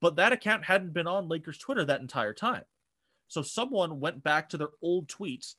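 A man's voice: a little high, moderate pace, fairly bright tone, no echo. A young man co-hosting a podcast, recapping online drama in a casual, rambling way with many fillers and restarts. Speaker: podcast co-host. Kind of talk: casual chat.

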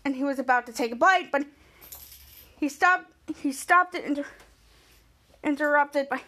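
Casting: rambling woman podcast host, high-pitched, casual recap delivery. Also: moderate pace, pushed and bright. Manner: rambling, restarts often.

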